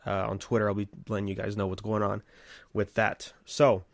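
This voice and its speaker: A man co-hosting a casual podcast, talking in a relaxed, rambling way with lots of fillers. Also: on the low side, fairly quick, gravelly, dry recording, clean studio sound. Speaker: podcast co-host.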